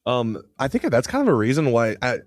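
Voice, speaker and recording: A man co-hosting a podcast, chatting casually as an excitable storyteller with lots of fillers. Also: medium pitch, brisk, dry recording, clean studio sound. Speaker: podcast co-host. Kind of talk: casual chat.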